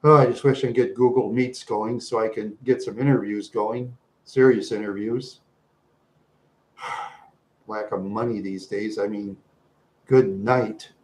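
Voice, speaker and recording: A man's voice: fairly low pitch, steady tone, unhurried, pauses often. A man hosting a livestream, chatting loosely with his viewers, repeating himself and saying "yeah" a lot. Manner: rambling, repeats "yeah" and laughs often. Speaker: livestream host. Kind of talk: rambling livestream chat with viewers.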